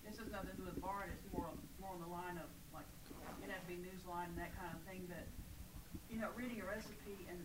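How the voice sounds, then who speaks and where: A woman in a meeting telling a quick, chatty story from across the room. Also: lowish voice, fairly even intonation, reverberant. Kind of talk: meeting discussion. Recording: distant mic in a noisy crowded room.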